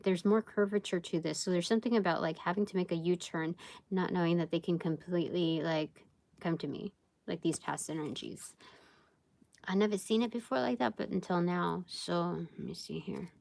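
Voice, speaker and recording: A woman's voice: lowish voice, fairly even intonation, normal speed, vocal fry, a little mellow, dry recording. A woman giving a casual live tarot reading, rambling and thinking aloud with many fillers. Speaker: tarot reader.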